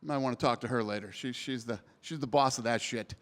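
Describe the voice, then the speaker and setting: A man's voice: medium pitch, quick pace. Blunt, emphatic man at a press scrum. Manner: blunt, emphatic, swears casually. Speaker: promotion CEO at media scrum. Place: post-event press area. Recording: long hall reverb.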